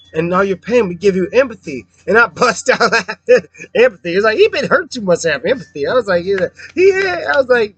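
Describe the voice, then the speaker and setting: A young man giving a casual, excitable book review, full of fillers, swearing and hype. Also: high-pitched, no room sound.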